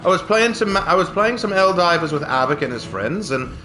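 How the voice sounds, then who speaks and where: Male streamer, playful fake British accent, bright and bouncy delivery, high voice. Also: animated, fairly quick, a little hiss or hum. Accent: put-on British. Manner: playful, hammy mock-British slang. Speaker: game streamer. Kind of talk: gaming livestream commentary.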